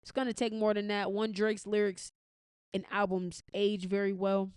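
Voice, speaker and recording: A woman's voice: medium pitch, flat delivery, moderate pace, a little mellow, clean tone, dry recording. An American woman hosting a podcast, giving blunt, profane commentary in a casual, opinionated way with frequent restarts. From United States. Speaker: podcast host.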